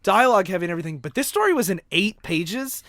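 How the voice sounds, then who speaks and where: A man with a high, light voice chats casually on a podcast, recorded close and dry. He retells a story by slipping into quick quoted lines for each character, and laughs easily between them. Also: lively intonation, pushed and bright, no echo. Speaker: podcast co-host. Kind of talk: casual chat, retelling a comic.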